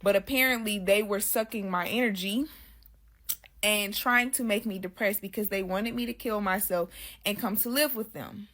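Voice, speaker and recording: A woman's voice: medium pitch, moderate pace, a bit bright. A woman as a guest, casually telling her own story in loose, slangy speech and often addressing listeners as "y'all".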